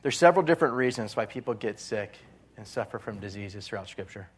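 A man preaching a sermon as pastor, swinging from loud emphasis to soft, quiet lines and repeating phrases. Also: fairly low pitch, expressive, fast, breathy edge.

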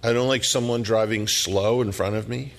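A middle-aged man preaches with a low, gravelly voice that fills a large, echoing hall. He tells the story dramatically, building to loud emphasis and then sinking into quiet whispers. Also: fairly even intonation, normal speed. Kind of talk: sermon.

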